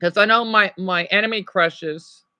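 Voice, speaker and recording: A young man rants on a live stream, swearing freely and stopping to apologize before rambling on. His voice is bright and edgy, and the sound is dry and close, with no room around it. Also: high-pitched, fairly even intonation, clean tone, no echo. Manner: rambling, profane, quick to apologize.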